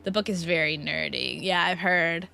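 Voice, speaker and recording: A woman's voice: on the low side, normal speed, gravelly, bright, forceful tone, a little hiss or hum. A woman streamer chatting casually to her chat while she plays, rambling and restarting her sentences.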